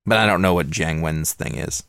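A man's voice: a bass voice, moderate pace, a bit bright, slight background noise. A man co-hosting a casual podcast chat about films, making dry joking asides. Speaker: podcast co-host.

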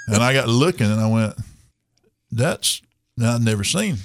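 A man's voice: medium pitch, very animated, takes it slowly, background noise. A man, hosting a radio talk show and telling a rambling, folksy story with chuckles.

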